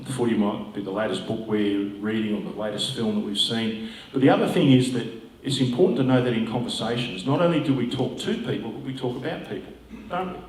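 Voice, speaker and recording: A man's voice: medium pitch, fast talker. A man, a pastor giving a conversational talk with musing asides. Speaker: pastor and guest speaker. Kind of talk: informal talk to an audience. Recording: roomy hall, distant mic.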